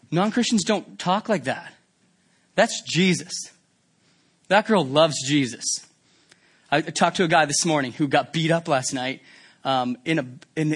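A pastor preaches a sermon in a conversational, animated way, putting rhetorical questions to the congregation. His voice is fairly high in pitch.

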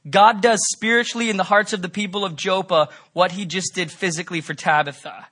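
A man preaching a sermon, fervent and emphatic, rising to loud peaks and dropping to soft, pleading tones. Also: high-pitched, fairly even intonation, a little fast, hardly any pauses. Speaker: pastor.

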